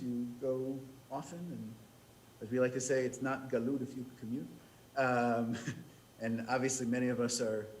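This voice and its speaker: An American man from the United States telling a humorous story as a rabbi leading services, with quick restarts. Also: mid-range voice, darkish tone, a little hiss or hum, poor audio. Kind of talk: storytelling sermon.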